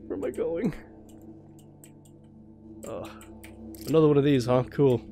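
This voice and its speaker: A man's voice: mid-range voice, unhurried, long pauses, warm tone, soft background music. A young man playing a horror game blind, jumpy and swearing, laughing nervously as he talks through the scares. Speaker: let's play host.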